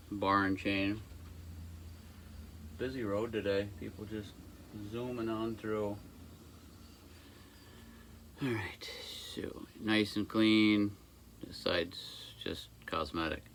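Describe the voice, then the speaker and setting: Wandering around his bench near a camera mic, a folksy small engine repair shop owner talks casually through a repair, rambling and dropping small jokes. His voice is on the low side but bright and forceful, and there's a little hiss or hum. The workshop is next to a busy road.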